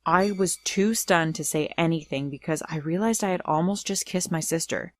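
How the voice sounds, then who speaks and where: Low-voiced woman telling a storytime tale. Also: moderate pace. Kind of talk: first-person storytime narration.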